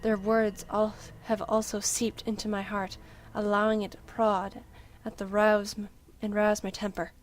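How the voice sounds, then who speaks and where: A woman's voice: mid-range voice, little pitch movement, moderate pace, few pauses, a little hiss or hum. A woman reading the first-person narration of a story game aloud, dramatic and tense, with the odd slip. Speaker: let's-play reader.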